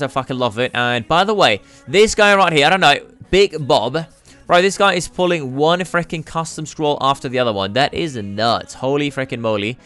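A man's voice: mid-range voice, smooth. Hyped, cursing man over game music. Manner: hyped, swears a lot, swings from yelling to groaning. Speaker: gaming YouTuber. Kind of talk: excited gameplay commentary.

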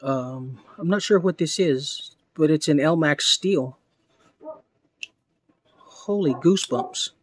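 A man narrating an unboxing of knives he was gifted, talking slowly, with excited, awestruck exclamations. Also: a little high, husky. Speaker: knife collector vlogger.

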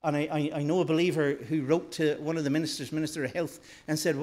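A man preaching a sermon in a church, rising loud for emphasis and dropping soft and slow. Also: on the high side, steady tone. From northern Ireland.

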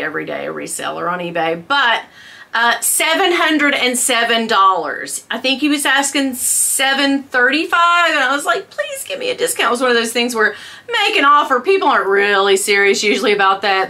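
Bright, chatty woman vlogger. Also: a little high. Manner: chatty, self-mocking, breaks into laughter. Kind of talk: casual chat to camera.

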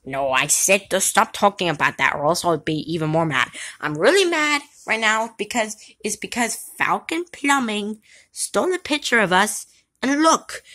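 A woman's voice: a little high, pushed and bright, full character voice. A woman doing Mario, an angry plumber. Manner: hot-tempered, exclaiming. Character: angry excitable male plumber.

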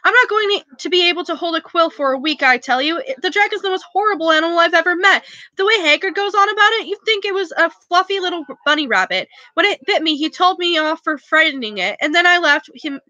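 A woman's voice: very high-pitched, animated, fast talker, pushed and bright, no room sound, dull audio, pitched above the performer's own voice, full character voice. A woman voicing a sarcastic, grumbling eleven-year-old schoolboy wizard in a read-aloud storybook.

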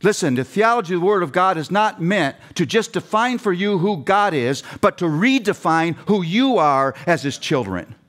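A man's voice: high-pitched, animated, moderate pace, hardly any pauses, fairly bright tone. A middle-aged man preaching a passionate sermon with emphatic repetition, addressing seminary students. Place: seminary chapel.

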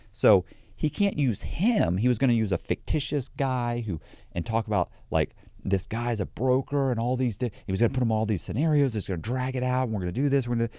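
A man talking bluntly in a casual podcast conversation, animated and acting out other people as he explains. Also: fairly low pitch, no echo, clean studio sound. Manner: blunt and animated, acts out quoted voices. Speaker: guest, true crime author.

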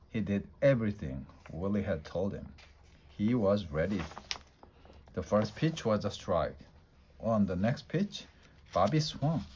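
A man reading a children's story aloud in a steady, plain way. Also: on the low side, low-quality recording. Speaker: storybook reader.

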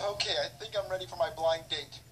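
A man's voice: high voice, fairly even intonation, fairly quick, music in the background, close to an everyday voice, low-quality recording. A man voicing a nervous, picky male plumber before a blind date, whining and stammering in an amateur comedy skit. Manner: whiny, exclaiming, stammering.

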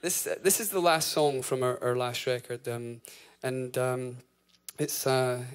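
A man's voice: mid-range voice, fairly even intonation, a little slow, smooth. A man in his thirties fronting a band on stage, telling a rambling, swear-laced story between songs with lots of fillers and laughs. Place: live concert venue.

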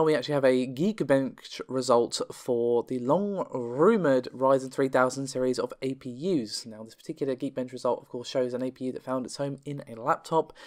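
A man hosting a solo tech news show, talking quickly and chattily, his voice still a bit worn from being under the weather. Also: mid-range voice. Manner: quick, chatty, reads figures aloud with self-corrections.

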